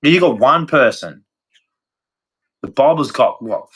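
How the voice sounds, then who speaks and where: A man's voice: medium pitch, expressive, takes it slowly, fairly bright tone, breathy edge. An Australian man from Australia giving a blunt, rambling opinion rant to camera, swearing freely. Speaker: vlogger.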